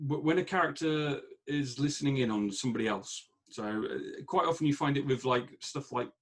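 A man who writes books, co-hosting a casual podcast about writing. He stammers as he starts his points and grows animated when a point bothers him. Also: mid-range voice, fairly quick. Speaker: author, podcast co-host.

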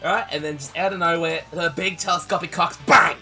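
A young Australian man co-hosting a podcast, telling a story in an excitable, sweary way. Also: fairly high pitch, brisk, soft background music. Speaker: podcast co-host. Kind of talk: casual chat.

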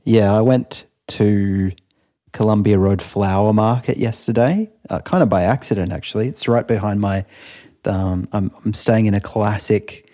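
A man's voice: fairly low pitch, steady tone, moderate pace, warm tone. A man co-hosting a podcast, telling rambling stories in casual chat and laughing often. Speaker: podcast co-host.

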